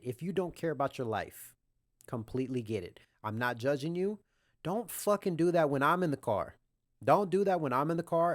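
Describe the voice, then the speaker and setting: A young man hosting a podcast, telling a story in a casual, profane rant, saying "bro" constantly and breaking into animated outbursts. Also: medium pitch, dry recording, studio quality. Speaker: podcast host.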